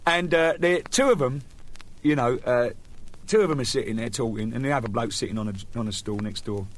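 A man's voice: medium pitch, brisk. A man with an English accent telling rambling jokes to camera, chuckling and restarting often. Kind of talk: casual joke telling to camera.

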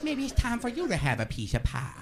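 A squeaky goofy sidekick. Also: male voice, wildly swooping pitch, quick pace, very noisy, heavily acted. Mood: teasing. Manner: shrill monkey-like babbling noises. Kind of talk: stand-up character voice. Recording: live show with crowd laughter. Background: audience laughing.

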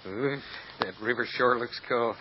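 Actor doing a stunt driver, folksy drawl, nervous, old radio drama, muffled lo-fi sound. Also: male voice, mid-range voice, a little slow, background noise, natural voice. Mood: uneasy. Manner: folksy drawl, plain country speech. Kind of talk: 1950s radio drama acting. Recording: dull lo-fi old radio recording.

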